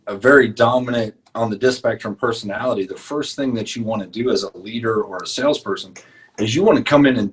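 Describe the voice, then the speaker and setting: A man with a slightly husky, breathy voice talks through sales advice on a podcast. He speaks casually, leaning on his points with rising force when he gets going. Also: medium pitch, poor audio. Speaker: podcast co-host.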